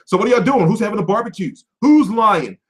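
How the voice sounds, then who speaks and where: Male stream host, high and lively voice, profane off-the-cuff rant from his home setup. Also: a little fast, breathy edge. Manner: animated, swearing, jumps between loud and mumbled. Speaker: boxing commentary livestream host.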